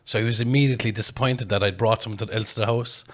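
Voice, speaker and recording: A man, a podcast host telling a long story in casual chat, animated and laughing, with plenty of swearing. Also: on the low side, fast.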